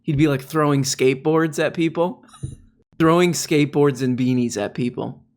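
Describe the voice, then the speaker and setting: A man's voice: fairly high pitch, steady tone, moderate pace, a little mellow. Sarcastic man doing casual commentary. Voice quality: sarcastic, mocking, drops into mock voices. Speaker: political commentator.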